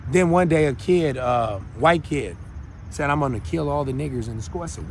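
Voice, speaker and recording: Man, gravelly, fairly high voice, heated preachy host monologue, faint street noise behind. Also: animated, a little fast. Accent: Minnesota. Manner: heated, preachy, rambling with restarts. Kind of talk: impassioned solo monologue.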